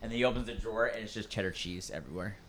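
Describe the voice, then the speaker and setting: A man's voice: on the low side, racing, a bit bright. A man in a casual podcast chat, rambling and joking with lots of restarts. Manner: rambling, jokey, hesitant restarts.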